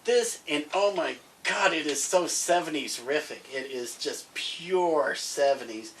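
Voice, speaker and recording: A man's voice: fairly high pitch, a little slow. A man co-hosting a podcast, rambling cheerfully as he recommends TV series in casual chat. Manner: chatty, rambling, grows excited. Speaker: podcast co-host. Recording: distant mic, faint background noise.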